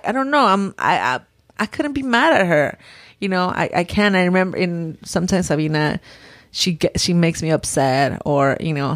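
Talking about her three daughters in a relaxed chat, this woman speaks in a lowish voice, often restarting and slipping in Spanish words. The studio-quality recording has no room sound.

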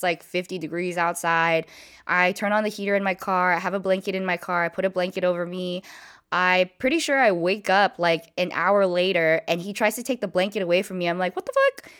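A young woman telling a personal story to her viewers in a casual, animated way, with lots of "like" and "you know". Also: mid-range voice, clean tone. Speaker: vlogger.

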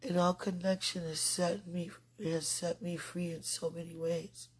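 A woman podcaster giving a slow, earnest, deeply emotional devotional monologue. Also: little pitch movement, slightly rough.

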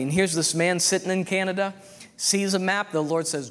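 A man's voice: high voice, fairly even intonation, normal speed. A man preaching a sermon with fervent repetition, often adding amens and hallelujahs. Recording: long hall reverb.

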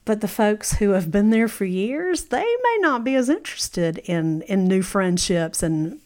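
A woman's voice: medium pitch, big pitch swings, a little slow. A middle-aged woman hosting a podcast, giving an encouraging talk and telling stories, often saying "you know" and laughing now and then. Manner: warm storytelling with frequent "you know" and laughs. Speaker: podcast host. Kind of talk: motivational podcast monologue.

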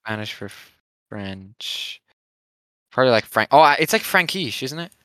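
Bright-voiced young man joking on a podcast. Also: medium pitch, very animated, a little slow, smooth, no room sound. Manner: joking, laughs often, mock accents. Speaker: podcast co-host. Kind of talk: casual chat. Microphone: headset.

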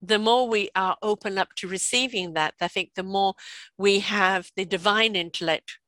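A British woman in her sixties telling stories in a chatty, lively way, often laughing and checking in with "right?". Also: medium pitch, normal speed, no room sound. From Britain. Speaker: guest. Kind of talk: casual storytelling conversation.

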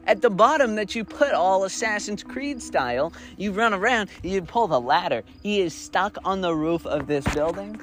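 A man's voice: high voice, lively intonation, normal speed, hardly any pauses, a bit bright, soft background music. A young man improvising a second-person story, rambling with restarts and the odd swear word.

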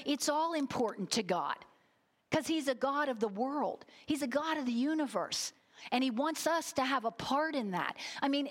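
A middle-aged woman preaching a sermon, telling a story with emphatic, heartfelt delivery and getting choked up at times. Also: high-pitched. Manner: storytelling, emphatic, gets emotional.

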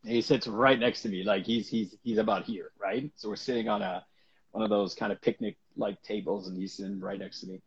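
Guest actor, male, husky voice, animated storyteller who laughs a lot, dull lo-fi sound. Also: lowish voice, brisk. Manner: animated, laughs often, acts out quoted people. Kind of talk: casual anecdote telling. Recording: dull lo-fi recording.

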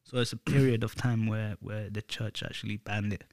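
This man co-hosts a podcast, chatting casually and meandering with lots of filler words. His fairly low voice is gravelly and a little mellow, delivered flatly at normal speed, in a dry, clean studio recording.

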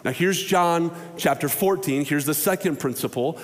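A man's voice: fairly high pitch, normal speed, long reverb tail. A male pastor preaching a casual, conversational sermon, telling stories and acting out quoted voices. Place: church sanctuary.

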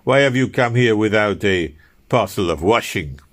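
A man's voice: on the low side, expressive, moderate pace, a bit bright. A man voicing a fussy, unshaven male revolutionary organizer who scolds a newcomer. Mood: fussy scolding.

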